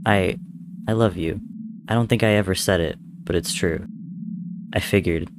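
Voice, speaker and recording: A man's voice: deep voice, moderate pace, background noise, natural voice. A man voicing a frightened teen prince. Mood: tearful. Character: frightened teenage boy prince, pleading.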